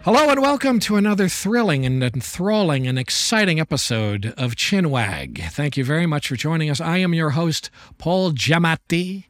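A man's voice: fairly high pitch, very animated, normal speed, few pauses, a bit bright, dry recording. A middle-aged man co-hosting a podcast in casual chat, playful and jokey with theatrical asides. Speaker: podcast co-host.

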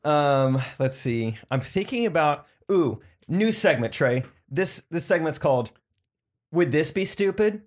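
A man co-hosting a comedy podcast, playful and jokey, quick to laugh. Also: a little high, animated. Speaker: podcast co-host. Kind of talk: casual comedy chat.

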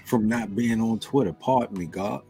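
Low-voiced man in blunt, teasing banter. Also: moderate pace, mellow, faint music behind. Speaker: podcast co-host. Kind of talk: casual chat.

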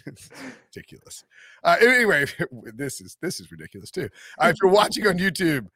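A man's voice: fairly high pitch, very animated, quick pace, a bit bright, no room sound, clean studio sound. A man hosting a sports podcast, chatting casually, joking and laughing often. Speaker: podcast host.

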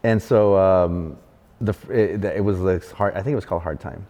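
A man guesting on a casual chat, telling a story with animated energy and plenty of swearing, and acting out other people's lines. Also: low voice, moderate pace. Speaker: guest graffiti artist. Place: large arts venue room. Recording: echoey hall.

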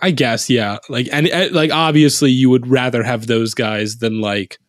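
A man's voice: mid-range voice, fairly even intonation, moderate pace, no echo, clean studio sound. A man co-hosting a sports podcast, talking loosely and laughing easily. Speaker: podcast co-host. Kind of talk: casual sports chat.

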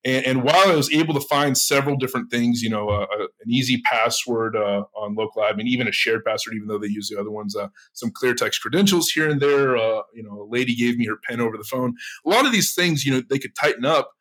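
A man telling a story in a casual interview, animated, swearing, with many stammered restarts. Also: mid-range voice, fast talker, hardly any pauses. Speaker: penetration tester, interview guest.

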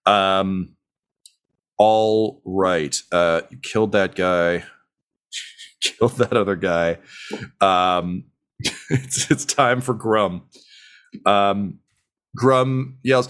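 A game master with a lowish male voice narrates a tabletop role-playing game, rambling casually in a relaxed way. He fills gaps with ums and uhs and laughs easily as he goes.

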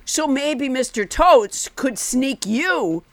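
A woman's voice: high voice, lively intonation, takes it slowly, dry recording. A woman co-hosting a comedy podcast, making wry, jokey remarks in casual chat. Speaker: podcast host.

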